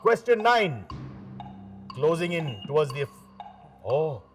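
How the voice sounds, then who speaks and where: A man's voice: a little high, big pitch swings, slow pace, faint music behind. A man hosting a quiz show, teasing the teams with joking asides between questions. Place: TV studio.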